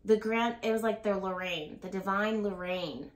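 Reading tarot casually for her viewers, a woman speaks in an expressive mid-range voice at a slightly slow pace. Her style is blunt and rambling, with occasional swearing and nervous laughter, and the room echoes noticeably.

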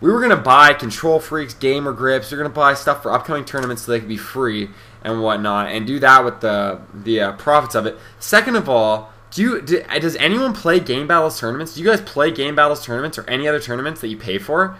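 A man's voice: mid-range voice, expressive, fairly quick, pushed and bright. A young man giving casual, rambling commentary over gameplay, brash, boastful and full of swearing. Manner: rambling, with many fillers and restarts. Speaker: gaming commentator.

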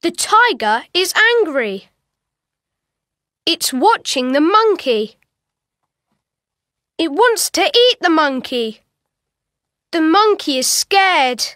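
Really high bright lady reading kids lines, slow, bouncy. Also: very animated, no echo, clean studio sound. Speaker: course audio reader. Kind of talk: scripted reading for young learners.

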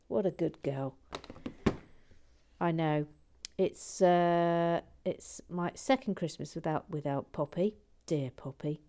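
A gentle woman who talks slowly and chats warmly. She sounds like a livestream host reading out her viewers' comments, one at a time. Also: lowish voice. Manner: gentle, warm-hearted and chatty. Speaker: livestream host building a brick set.

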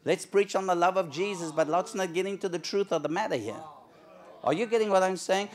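Animated preacher man. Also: high voice, fairly quick. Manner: animated storytelling preacher, acts out the characters' lines. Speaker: pastor. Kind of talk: sermon. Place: church sanctuary.

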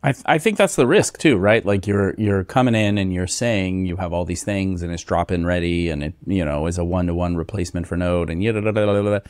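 A man hosting a podcast in casual tech chat, relaxed and joking. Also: low-pitched, fairly quick, few pauses, smooth, no room sound, studio quality. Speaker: podcast host.

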